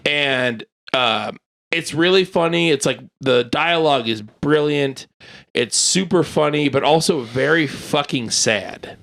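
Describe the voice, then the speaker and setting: A man hosting a podcast, retelling a film plot in a rambling, animated way with lots of filler words. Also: a little high, a little slow, creaky. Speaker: podcast host. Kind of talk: casual chat.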